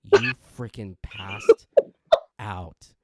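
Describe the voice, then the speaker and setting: A young man co-hosting a podcast tells a story very slowly in a dry, studio-quality recording. Animated and prone to restarts and stammers, he plays out quoted voices with big leaps in pitch.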